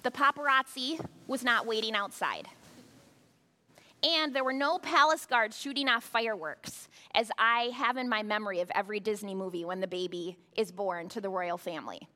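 A woman's voice: fairly high pitch, moderate pace, sharp tone. A woman pastor giving a sermon, talking conversationally with rhetorical asides to the congregation. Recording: long hall reverb.

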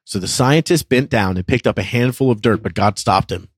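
A man in his thirties hosting a faith podcast, telling a story in a lively, laughing way. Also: fairly low pitch, a little fast, husky, no room sound, studio quality. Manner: animated, laughs through his own story. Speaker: podcast co-host. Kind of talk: casual storytelling chat.

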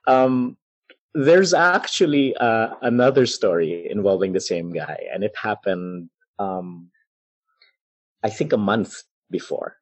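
Slow, husky man telling a dramatic story. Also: on the low side, lively intonation, no echo. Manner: measured, dramatic retelling with pauses and soft laughs. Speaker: guest storyteller. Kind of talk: personal storytelling in conversation.

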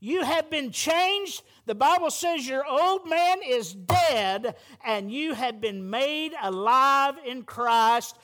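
A man preaching a sermon as pastor, fervent and rising to loud, emphatic peaks. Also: very high voice, animated, slow pace, few pauses.

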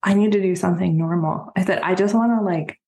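A woman's voice: on the low side, fast talker, vocal fry. Earnest woman in an echoey room. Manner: soft-spoken, earnest, many fillers. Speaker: guest. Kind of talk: personal conversation. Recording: roomy echo.

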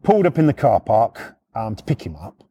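A middle-aged man from the UK telling rough personal stories in a rambling, profane, lively way. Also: lowish voice, brisk, lo-fi sound. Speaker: storyteller. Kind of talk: casual anecdote.

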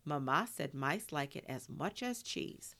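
A woman's voice: low voice, animated, a little slow, sharp tone, full character voice. A woman voicing a curious young boy cousin in a storybook, plain and matter-of-fact.

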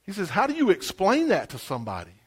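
A man with a high voice preaches a sermon. He tells his story with lively swings, dropping to hushed asides and then rising into loud exclamations. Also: quick pace, slightly rough.

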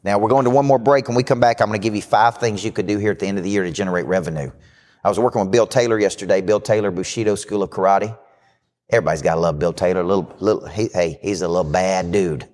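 A man hosting a live business show as a coach, giving a brash, fast-talking motivational pitch. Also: a little mellow. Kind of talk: live podcast talk. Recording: hall reverb.

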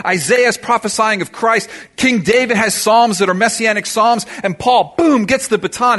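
A man preaching a sermon to his church congregation, energetic and emphatic, with punchy exclamations. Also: high-pitched, husky. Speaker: pastor. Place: church service before a congregation.

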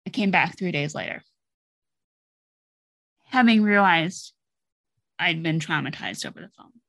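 A woman's voice: lowish voice, animated, unhurried, gravelly, pauses often, fairly bright tone, dry recording. Blunt, candid middle-aged woman podcaster. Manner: blunt, candid, swears freely. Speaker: podcast host. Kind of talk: personal monologue.

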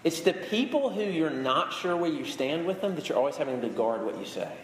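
A man in his thirties preaches in a slightly high voice, talking to the congregation in a casual way and repeating words for emphasis. His voice rings with a long reverb through a large hall, over a faint background hum. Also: very animated, fairly quick. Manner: conversational, emphatic preaching with repetition. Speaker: pastor. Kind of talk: sermon. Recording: echoey hall with faint ambience.

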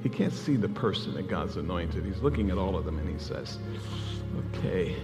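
A man's voice: low voice, big pitch swings, fairly quick. A man preaching a sermon, telling a story with energy and acting out the voices of the people in it. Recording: hall reverb with music behind. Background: music.

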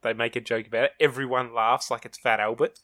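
A man's voice: mid-range voice, steady tone, fast, bright, forceful tone. Chatty man recapping an episode. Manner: chatty, retells scenes and quotes lines. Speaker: podcast host. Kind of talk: casual chat recapping an episode.

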